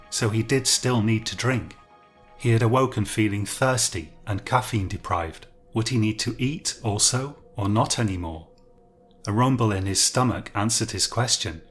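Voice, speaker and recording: A man narrating a fiction story in a calm, measured reading. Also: on the low side. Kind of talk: scripted narration.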